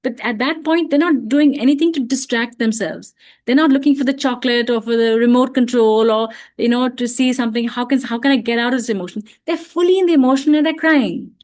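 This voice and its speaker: A woman with a fairly high voice speaks gently and reflectively, explaining her ideas at an easy pace. She often says "you know" and restarts her sentences as she thinks aloud. She sounds like she is speaking over a video call. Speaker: parenting talk speaker. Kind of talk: online parenting talk.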